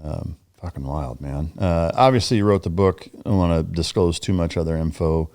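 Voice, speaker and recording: A man with a very deep, dark, mellow voice hosts a podcast. He puts casual, laid-back questions to his guest and drops the odd swear word. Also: normal speed. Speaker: podcast host. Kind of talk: interview questions.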